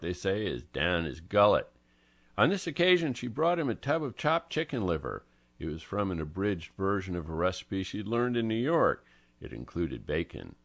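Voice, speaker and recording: A man narrating a mystery story in a measured storytelling manner. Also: deep voice, vocal fry. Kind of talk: story reading.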